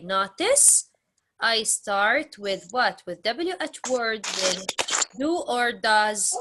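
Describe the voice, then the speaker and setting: Woman teacher going super slow, repeats every phrase, bright voice, a bit of faint hiss. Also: on the high side, lively intonation. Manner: drills phrases with repetition and exaggerated question intonation. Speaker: English teacher. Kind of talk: slow classroom grammar lesson.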